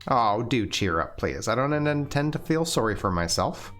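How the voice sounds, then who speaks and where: A man's voice: mid-range voice, lively intonation, moderate pace, fairly bright tone, faint music behind, natural voice. Violet, a man doing a genteel young woman. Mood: gentle. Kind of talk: reading a visual novel aloud.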